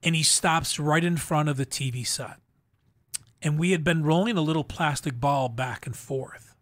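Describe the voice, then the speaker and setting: A middle-aged man telling his personal testimony as an interview guest, in an earnest, halting way with frequent restarts. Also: fairly high pitch, no room sound. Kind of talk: emotional personal story in a faith interview.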